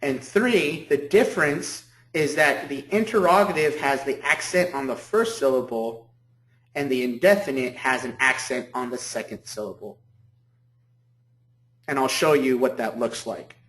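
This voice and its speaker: A man's voice: medium pitch, unhurried, a bit bright. Echoey lecturing male professor. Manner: repeats key points, asks "okay?" often. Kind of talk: university lecture. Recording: echoey room.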